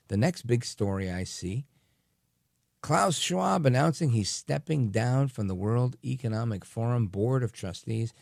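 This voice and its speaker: A man's voice: on the low side, creaky, darkish tone, no room sound, studio quality. A man hosting a talk radio show, delivering a rambling, chatty monologue full of asides and fillers.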